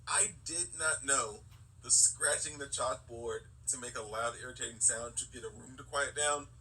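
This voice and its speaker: Bright, sarcastic male podcaster. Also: medium pitch, moderate pace. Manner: sarcastic, joking commentary. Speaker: podcast co-host. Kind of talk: casual movie recap chat. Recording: distant mic with faint background hiss.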